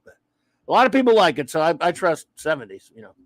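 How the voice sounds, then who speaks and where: Rambling New man, slightly high voice. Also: sing-song, fast talker, dry recording. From New Orleans, USA. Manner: rambling, self-interrupting, playful. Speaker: podcast host reading chat. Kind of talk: casual chat.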